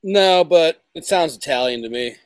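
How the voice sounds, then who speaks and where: A man's voice: fairly high pitch, animated, moderate pace, no echo. A man chatting as a guest on a comedy podcast, rambling with many "like"s. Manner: rambling, heavy use of "like". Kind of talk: casual comedic chat.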